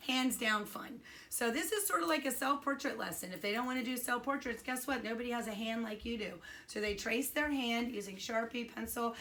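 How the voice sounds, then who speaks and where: A woman's voice: a little high, pushed and bright. An older woman, an art teacher, giving a chatty, enthusiastic video lesson alone in a room. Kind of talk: casual home video lesson.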